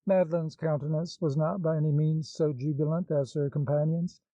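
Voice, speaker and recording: A man reading a classic novel aloud as audiobook narrator, measured and even. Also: fairly high pitch, no echo. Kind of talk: scripted narration. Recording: slightly dull, dry recording.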